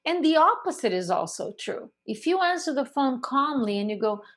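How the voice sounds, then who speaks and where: A woman's voice: high-pitched, normal speed. A middle-aged woman coaching real estate agents, explaining phone technique and acting out calls along the way. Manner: animated, acts out phone calls. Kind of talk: coaching lesson to camera.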